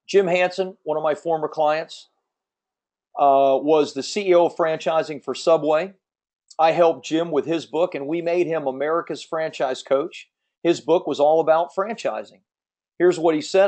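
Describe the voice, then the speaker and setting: A man hosting a live webinar, giving an emphatic, persuasive sales pitch and answering audience questions from the chat. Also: moderate pace, a little mellow. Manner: emphatic, persuasive salesman, repeats key points. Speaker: webinar host selling publishing services.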